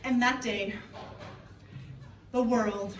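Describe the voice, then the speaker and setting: A Canadian woman in her thirties with a higher voice and drawn-out words tells a comic story on stage, playfully and lively addressing a live audience in an event hall. The recording is noisy and echoey, with the mic set at a distance.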